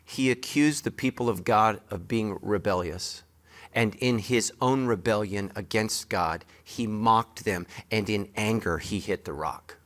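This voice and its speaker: Male pastor, sermon, emphatic and joking, sharp bright tone. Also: fairly low pitch, unhurried. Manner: emphatic, joking preacher who talks straight to the congregation.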